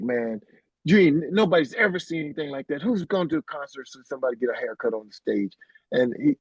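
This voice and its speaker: Animated man telling a backstage story. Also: on the high side, no room sound, dull audio. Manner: animated, acts out quoted voices, fillers like "like" and "bro". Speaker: guest musician, keyboardist. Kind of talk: casual storytelling in an interview.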